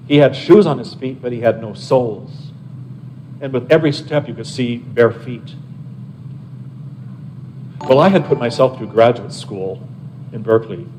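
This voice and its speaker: An older man, an abbot, telling lively personal anecdotes to a live audience and chatting with his listeners as he goes. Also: medium pitch, slight background noise, rough recording. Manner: animated anecdotal storyteller, chats with listeners.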